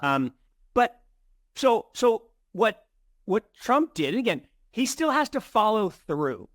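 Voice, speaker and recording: A middle-aged man co-hosting an investing show, chatting in an animated way with many restarts and repeated words. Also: sits high, takes it slowly, no room sound, clean studio sound. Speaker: co-host of a crypto investing show. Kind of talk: casual conversational commentary.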